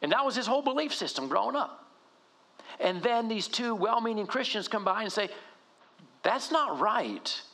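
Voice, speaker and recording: A middle-aged male pastor preaching in a conversational, animated way, often asking rhetorical questions. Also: sits high, brisk. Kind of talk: sermon.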